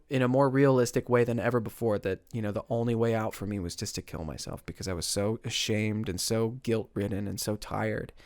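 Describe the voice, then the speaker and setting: A young man telling his recovery story as a podcast guest, earnest and halting, with many restarts. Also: fairly low pitch, a little mellow, no room sound.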